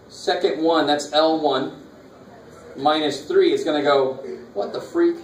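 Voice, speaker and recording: A man teaching a college math lecture, casually walking students through calculator steps with slangy asides. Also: on the high side. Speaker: math instructor. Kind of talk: classroom lecture. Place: college classroom. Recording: echoey classroom, mic far off, faint noise.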